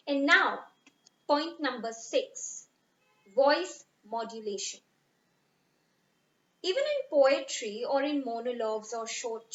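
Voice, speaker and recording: A woman teaching poetry recitation, speaking slowly and expressively and stressing words for effect. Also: fairly high pitch, a bit bright, roomy sound, highs cut off. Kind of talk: recitation lesson.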